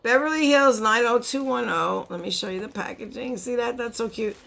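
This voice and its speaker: A woman in her forties chatting casually through a beauty box unboxing, excitable and chatty, often gasping and wandering into asides. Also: fairly high pitch, a little fast, vocal fry. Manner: chatty and excitable, gasps and laughs, trails off into asides. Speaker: beauty vlogger.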